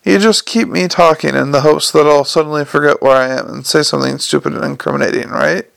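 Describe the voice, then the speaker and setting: Here an exasperated con man, quick-witted and sarcastic, gets steadily more rattled, played by a male audiobook narrator. The gravelly, slightly high voice is a bit bright with fairly even intonation, recorded close and dry without echo.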